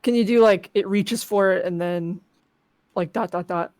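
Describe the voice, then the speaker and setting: A woman co-hosting a text adventure stream, chatting casually with playful deadpan jokes and reading story lines aloud. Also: mid-range voice, moderate pace, no echo. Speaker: co-host playing a text adventure game.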